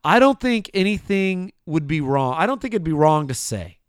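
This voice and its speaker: A man preaching a sermon, addressing the listener directly, moving between hushed asides and loud proclaimed lines. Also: a little high, big pitch swings, normal speed, smooth, no echo, studio quality.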